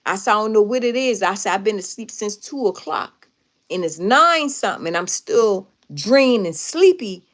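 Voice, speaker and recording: A woman's voice: medium pitch, normal speed. Emphatic woman telling a story. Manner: emphatic, repetitive, animated retelling. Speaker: live streamer. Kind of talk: casual storytelling to viewers.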